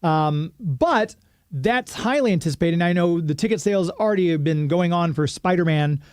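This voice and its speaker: Easygoing man with a slightly high voice. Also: lively intonation, moderate pace, a little mellow, no room sound, clean studio sound. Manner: easygoing, thinks aloud with fillers. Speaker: podcast co-host. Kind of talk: casual movie review chat.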